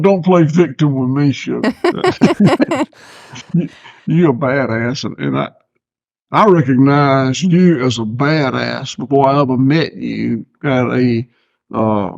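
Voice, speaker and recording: An older Southern man talks in a gravelly, folksy drawl, circling back over his words before he lands them. The sound is muffled and lo-fi, with a dry, close feel and no room around it. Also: medium pitch, darkish tone, no room sound. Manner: folksy, unhurried, stammering restarts. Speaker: guest farmer. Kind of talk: casual podcast chat.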